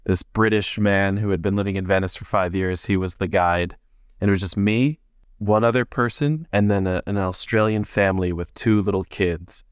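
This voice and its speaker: A man co-hosting a casual podcast, telling stories in an animated way and laughing often. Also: low voice, moderate pace, clear, resonant tone, no echo, studio quality. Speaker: podcast co-host. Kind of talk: casual chat. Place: basement podcast room.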